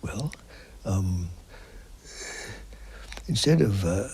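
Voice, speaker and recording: An older man giving an unhurried spiritual interview, speaking softly and often dropping to a near whisper, reflective and halting with many pauses and fillers. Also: low-pitched, big pitch swings, a little hiss or hum. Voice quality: soft, partly whispered, halting.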